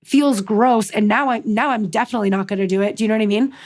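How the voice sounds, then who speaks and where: A woman's voice: mid-range voice, quick pace. A young American woman from New England telling a dating story as a podcast guest, chatty and full of fillers, swearing freely. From New England, USA. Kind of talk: casual storytelling chat.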